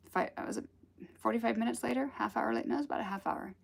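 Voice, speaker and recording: A woman's voice: mid-range voice, expressive, quick pace, vocal fry. A woman giving a casual spiritual talk, telling stories in a rambling, chatty way. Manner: rambling, chatty storytelling with laughs. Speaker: spiritual teacher.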